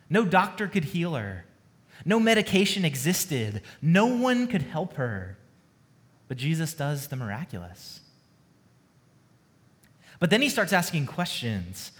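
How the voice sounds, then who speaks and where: Earnest male preacher, fairly high voice. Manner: earnest, storytelling, shifts between hushed and emphatic. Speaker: pastor. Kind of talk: sermon.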